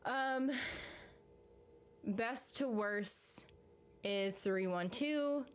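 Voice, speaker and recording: A woman's voice: medium pitch, smooth. A young woman, out of breath, rambling casually with lots of fillers as she hosts a livestream from home and reads the chat. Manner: chatty, slow and rambling, with frequent fillers and laughs. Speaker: livestream host reading chat. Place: home room.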